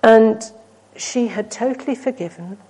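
A woman delivers a sermon in a mellow, darker voice. She tells stories earnestly, pushing lines out with emphasis and then letting them fall almost to a hush. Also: fairly high pitch, measured pace, husky, low-quality recording. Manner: earnest, rising to emphatic then dropping to hushed. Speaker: preacher.

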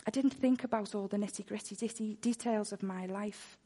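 A woman's voice: medium pitch, steady tone, normal speed, warm tone. A woman preaching a sermon full of personal testimony, earnest, and she repeats words when she gets worked up.

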